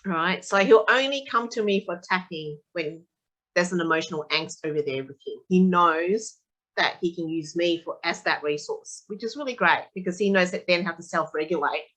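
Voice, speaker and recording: A woman, a tapping practitioner, talking casually as a guest and telling animated stories. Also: fairly low pitch, normal speed, rough recording. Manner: animated storyteller, acts out quotes of her son. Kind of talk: casual conversational interview.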